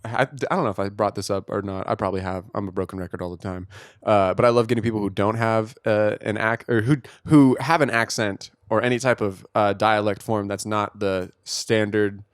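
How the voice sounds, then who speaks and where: A man with a low voice talks loosely on a podcast, swearing freely and breaking into laughter. The sound is dry and close, with no room around it. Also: fairly even intonation, fairly quick, clear, resonant tone, dry recording. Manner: laid-back, profane, laughs often. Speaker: podcast co-host. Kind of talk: casual podcast chat.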